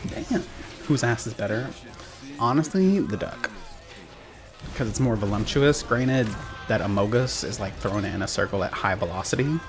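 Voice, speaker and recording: Lively, swearing male game streamer. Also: fairly low pitch, moderate pace, over music. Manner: profane, joking, talks to chat. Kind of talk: casual gameplay commentary. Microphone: desk mic.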